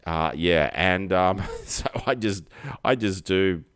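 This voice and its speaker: A man's voice: low voice, slow pace, fairly bright tone, clear, resonant tone, no room sound, studio quality. A man hosting a livestream, rambling through a comic monologue with self-mocking jokey asides. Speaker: livestream comedy host.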